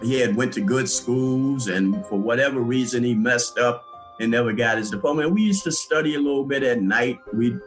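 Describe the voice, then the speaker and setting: A man's voice: mid-range voice, moderate pace, soft background music, poor audio. Older man recounting his past. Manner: conversational, with frequent restarts and chuckles. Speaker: interviewee. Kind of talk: recalling his past in an interview.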